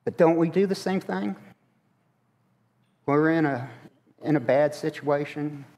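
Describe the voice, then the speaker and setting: A man's voice: fairly high pitch, unhurried, darkish tone. A man preaching a conversational sermon in a church, asking the congregation questions as he goes. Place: church sanctuary. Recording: long hall reverb.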